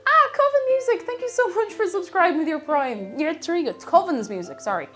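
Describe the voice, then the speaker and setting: A woman's voice: very high voice, lively intonation, a little fast, a bit bright, soft background music. A woman with an Irish accent, chatting casually and laughing with her viewers as she cooks on a live stream. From Ireland. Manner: chatty, laughs often, thanks viewers by name.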